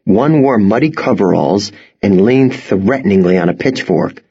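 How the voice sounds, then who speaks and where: A man narrating an audiobook in a slow, measured way, with a husky voice. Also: fairly low pitch, animated, warm tone, dull audio.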